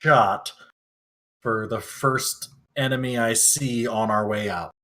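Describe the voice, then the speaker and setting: A man playing a tabletop game, describing his character's actions in a relaxed, drawling way. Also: mid-range voice, slow pace. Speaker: player.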